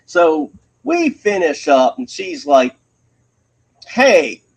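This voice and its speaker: A man's voice: fairly high pitch, very animated, unhurried, slightly rough, low-quality recording. A man telling a crude personal story in a rambling, profane way, laughing as he goes.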